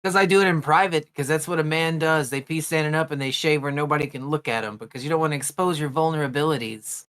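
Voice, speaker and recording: A man's voice: on the high side, fairly even intonation, fast, few pauses, a bit bright, clean tone, no echo, clean studio sound. A man playing a tabletop game, arguing jokingly in a mock-serious tone. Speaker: player. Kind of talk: casual tabletop role-play chat.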